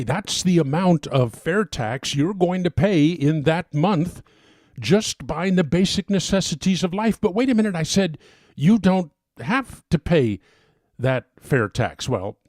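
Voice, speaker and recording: A man's voice: medium pitch, a little mellow, dry recording, studio quality. A man hosting a talk show, delivering an impassioned monologue that keeps building into emphatic bursts. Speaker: talk radio host. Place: home studio.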